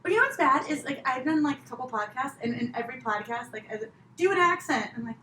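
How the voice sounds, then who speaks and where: A woman's voice: sits high, expressive, fast, pushed and bright. Chatty woman comic in a roomy space. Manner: chatty, laughing, self-deprecating. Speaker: guest comedian. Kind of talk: casual podcast chat. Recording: roomy with faint noise.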